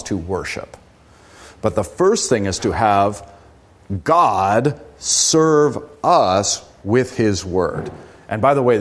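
A man teaching as a Lutheran pastor, talking through a book in a conversational, earnest way with emphatic rises on key words. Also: mid-range voice.

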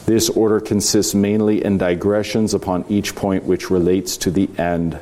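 Reading from a philosophy text with his class, a male teacher stops to comment in a low-pitched, warm but flat voice. He's measured and reflective, slowing down for emphasis, and talks conversationally with fillers and restarts.

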